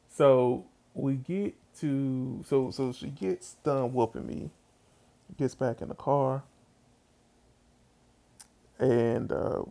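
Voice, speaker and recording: A man spins a comic story from his childhood in loose, slangy talk, turning now and then to speak straight to his listeners. His voice has a gravelly edge and sits in a middle pitch. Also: mellow.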